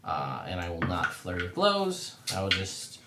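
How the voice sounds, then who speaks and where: A man's voice: deep voice, huge pitch swings, normal speed, echoey room, distant mic, heavy background noise. A man playing a tabletop game, grumbling and muttering with casual swearing. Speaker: player.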